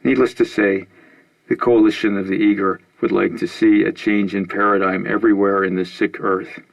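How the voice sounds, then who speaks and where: A man reading out a female news anchor's broadcast of a militant group's statement, in a loud, formal, declaiming manner. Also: on the low side, flat delivery, normal speed, creaky, rough recording. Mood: stern, formal.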